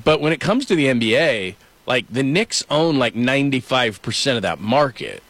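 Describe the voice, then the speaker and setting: Dry-voiced middle-aged sports talk host. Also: male voice, medium pitch, normal speed, dry recording. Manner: storytelling, animated.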